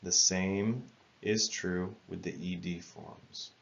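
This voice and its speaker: A man teaching English spelling rules in a careful, measured lesson narration, spelling words out letter by letter. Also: low-pitched, steady tone, gravelly, dull audio.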